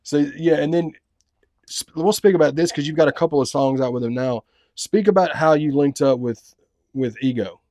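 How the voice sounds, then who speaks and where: A man's voice: a little high, moderate pace, darkish tone, no room sound, studio quality. A man hosting a casual interview, hyped and full of slang. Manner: hyped, slangy, says bro and dude a lot. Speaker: podcast host.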